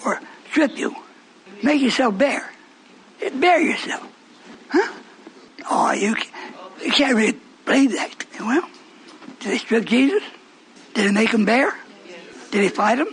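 High-pitched impassioned male preacher. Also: expressive, unhurried, long pauses, a little hiss or hum, poor audio. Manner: impassioned, swings from shouting to whispering. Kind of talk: sermon.

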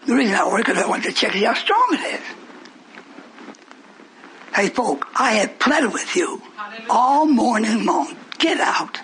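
Older male preacher, high voice, faint hiss behind him. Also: very animated, measured pace, long pauses, poor audio. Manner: folksy, swings from mutters to shouting. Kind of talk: rambling sermon to a congregation.

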